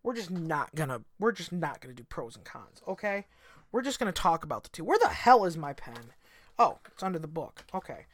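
A man's voice: on the high side, big pitch swings, a little fast, a bit bright. A man hosting a solo podcast, talking in a rambling, emphatic way and swearing a lot. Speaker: podcast host. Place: home in Michigan. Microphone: desk podcast mic.

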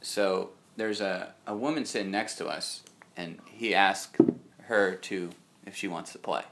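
A man's voice: low-pitched, a little slow, creaky, heavy background noise. A young man co-hosting a casual chat show, telling a long rambling anecdote. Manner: rambling anecdotal storyteller, quoting others in his own voice. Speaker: podcast co-host.

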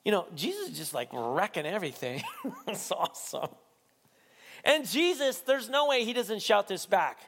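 An animated male preacher with a fairly high, light voice, building from quiet reflection to near-shouting. He laughs often as he preaches. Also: moderate pace. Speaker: pastor. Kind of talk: sermon.

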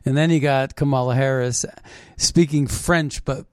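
A man's voice: mid-range voice, fairly even intonation, measured pace, darkish tone, smooth, dry recording. A male podcast co-host chats loosely and scoffs at the news. He trips through fillers and restarts as he goes. The recording is dry and close. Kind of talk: casual chat.

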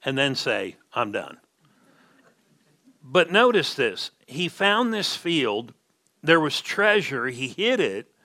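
A man's voice: mid-range voice, very animated, slow, sharp tone. A man preaching a sermon as pastor, stressing key words and checking in with the congregation.

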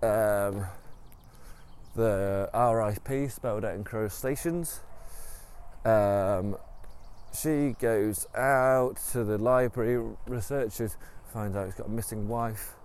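A man's voice: fairly low pitch, slow, darkish tone, clear, resonant tone. A man retelling a story in a casual, rambling way, with many ums and restarts. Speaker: podcast storyteller.

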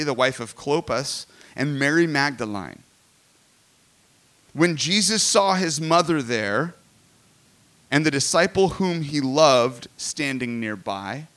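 40ish guy preaching, chatty and animated, bright kinda high voice. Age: 40s. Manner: conversational, animated, jokey asides. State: emotional. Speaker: pastor. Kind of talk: sermon.

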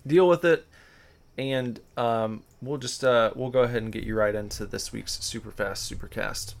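A man's voice: fairly low pitch, flat delivery, normal speed, creaky. A man co-hosting a podcast, chatting loosely and rambling with fillers. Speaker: podcast co-host. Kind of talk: casual podcast chat.

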